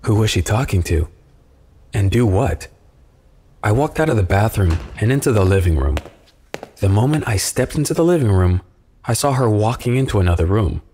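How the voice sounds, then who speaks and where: A man calmly narrating a first-person horror story from a script. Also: fairly low pitch, moderate pace, slight background noise.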